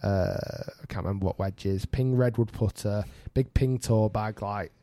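Podcast host, thirties, animated and self-mocking storyteller, mellow tone, dry studio sound. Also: male voice, fairly low pitch, moderate pace, no room sound. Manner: animated, self-mocking, laughs through stories. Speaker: podcast host and golf coach. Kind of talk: casual storytelling chat.

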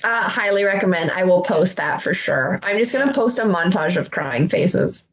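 A young woman co-hosting a podcast in casual chat, animated and swearing freely as she acts out her own reactions. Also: lowish voice, normal speed, slightly rough, muffled recording. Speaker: podcast co-host.

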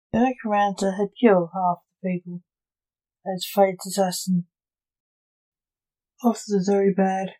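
Woman storyteller, gothic tale, slow and mellow, measured theatrical reading. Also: medium pitch, level tone, low-quality recording. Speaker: podcast host and storyteller. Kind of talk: scripted narration of gothic fiction.

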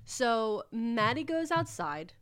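A woman's voice: on the high side, very animated, slow pace, fairly bright tone. A woman co-hosting a podcast, retelling a book plot in a rambling, casual way with lots of filler words and swearing. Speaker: podcast co-host. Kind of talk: casual book recap chat.

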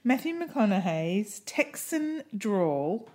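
A woman co-hosting a podcast in casual chat, giggly and quick to correct herself. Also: medium pitch, expressive. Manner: chatty, giggly, self-correcting. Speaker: podcast co-host.

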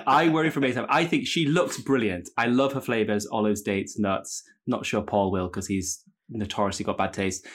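A man's voice: lowish voice, steady tone, moderate pace, hardly any pauses. Enthusiastic man sharing opinions. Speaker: podcast co-host. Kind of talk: casual comedic chat. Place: lives in London.

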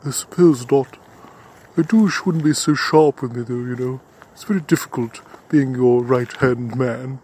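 A man's voice: mid-range voice, normal speed, darkish tone, slight background noise, natural voice. A man voicing a timid, slightly overweight male sidekick who whines and frets. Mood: complaining. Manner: whiny and fretful.

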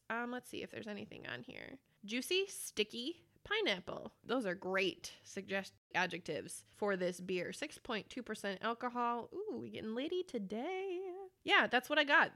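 A woman hosting her own podcast, chatting casually with lots of swearing, animated and playful, sometimes loud, sometimes dropping to a whisper. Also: fairly high pitch, dry recording, clean studio sound. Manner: animated, swinging between loud and quiet. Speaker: podcast host.

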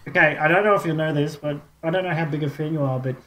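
A man's voice: a little high, fast, crowd noise, low-quality recording. An Australian man co-hosting a casual podcast quiz, fumbling for words and laughing often. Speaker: podcast co-host.

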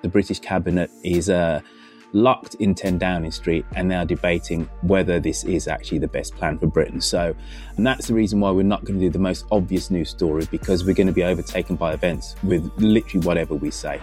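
A man with a deep, low voice opening a podcast in a polished, genial presenter style. He introduces the show and its guests with an easy rhythm. A faint bit of music sits underneath him. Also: fairly even intonation, a little fast, darkish tone. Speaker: podcast host. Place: home.

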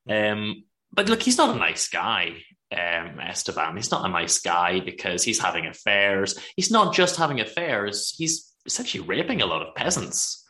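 A low-pitched man with a bright, forceful voice, chatting casually and rambling a little as he hosts a book podcast. The sound is roomy and echoey. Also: big pitch swings, moderate pace. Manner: chatty, rambling with restarts and asides. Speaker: podcast host.

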